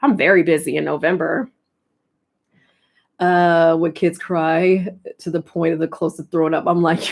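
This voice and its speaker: A woman's voice: on the low side, unhurried, a little mellow. A young woman streamer with an American accent, chatting casually, telling stories and laughing often. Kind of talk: casual chat.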